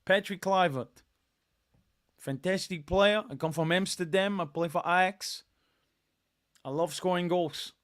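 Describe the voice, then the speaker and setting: A man's voice: high-pitched, a little slow, pauses often, fairly bright tone. A man putting on a Dutch footballer. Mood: boastful. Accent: put-on Dutch. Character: cheery Dutch male footballer bragging about goals.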